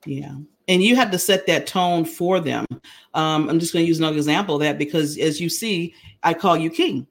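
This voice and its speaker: Gravelly-voiced woman guest, animated. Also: low voice, fairly quick. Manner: animated, sings jingles, laughs often. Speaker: guest, brand founder. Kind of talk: casual interview talk.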